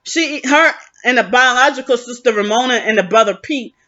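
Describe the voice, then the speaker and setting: A woman talks straight to camera in an aggrieved, rambling vent, breaking off and restarting her sentences as she goes. Her voice is bright and forceful. The recording is dull and lo-fi. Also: a little high, brisk. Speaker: vlogger. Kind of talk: venting vlog monologue.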